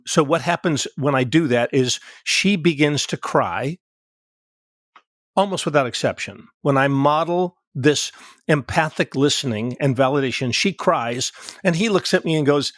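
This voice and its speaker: A man's voice: a little high, no echo, clean studio sound. A middle-aged man hosting a podcast as a therapist, talking casually and illustrating his points with examples from his couples work. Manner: explains with role-play examples from his practice. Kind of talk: conversational podcast talk.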